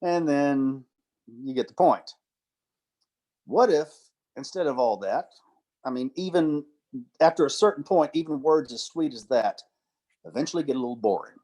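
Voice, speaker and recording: A middle-aged man giving a church talk, telling stories, acting out quoted dialogue and reading poetry slowly. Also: fairly high pitch, lively intonation, mellow. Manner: storytelling, acts out quotes, recites poetry slowly. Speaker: church speaker and literature teacher.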